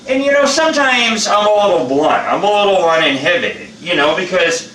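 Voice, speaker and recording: A man's voice: sits high, very animated, moderate pace, sharp tone, distant mic, a little hiss or hum. Blunt rambling older man, echoey room. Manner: blunt, rambling, profane and chatty. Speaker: channel host. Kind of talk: casual how-to vlog chat.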